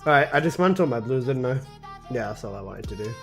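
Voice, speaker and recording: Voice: mid-range voice, expressive, brisk, faint music behind. A game streamer reacting to a video in casual, giggly chat, swearing now and then.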